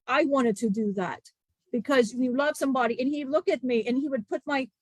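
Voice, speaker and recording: In a solemn, halting testimony, a woman channels the spirit of an ancient male disciple, speaking in emotional bursts with many restarts. Her voice is high with a darkish tone, captured on a dry recording.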